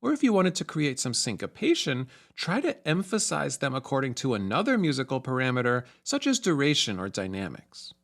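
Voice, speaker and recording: A man narrating a music theory lesson, explaining in a clear, measured way. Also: mid-range voice, huge pitch swings.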